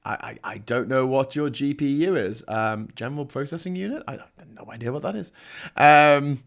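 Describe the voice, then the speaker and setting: A man's voice: medium pitch, expressive, fairly quick, gravelly. A man with a Scouse accent hosting a live call-in show, reading viewer comments and joking in a rambling, mock-outraged way. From Liverpool, England.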